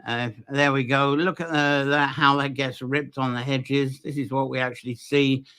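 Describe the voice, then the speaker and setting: A man's voice: mid-range voice, little pitch movement, normal speed, pushed and bright, clean tone. A man hosting a live nature folklore stream from Ireland, talking loosely with many fillers and restarts. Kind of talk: live-streamed solo talk.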